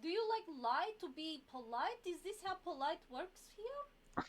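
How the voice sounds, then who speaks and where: A woman speaking in character at a tabletop game, her voice high and swinging widely in pitch. She questions and pushes back in disbelief, with clear background noise under her. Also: lively intonation, moderate pace. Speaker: player. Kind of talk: in-character tabletop role-play.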